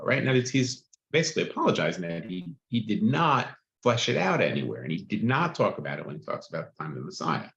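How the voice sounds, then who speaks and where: Lively, gravelly-voiced man teaching a class. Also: fairly low pitch, quick pace, hardly any pauses. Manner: reads a text aloud and explains it, with frequent "right?" and "um". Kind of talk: text-study class lecture. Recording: muffled, echoey room.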